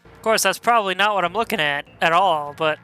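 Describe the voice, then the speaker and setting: A man's voice: sits high, fairly quick, sharp tone, clean tone, faint music behind. Chatty man commentating a game. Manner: chatty, self-deprecating, laughs at own slips. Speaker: let's play host.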